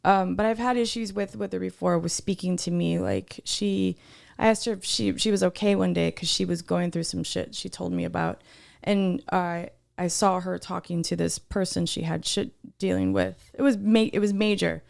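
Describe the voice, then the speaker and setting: On a podcast she co-hosts, a woman with a lowish voice, vocal fry, and a moderate pace shares a workplace story. She swears frequently and grows heated and animated as she talks casually.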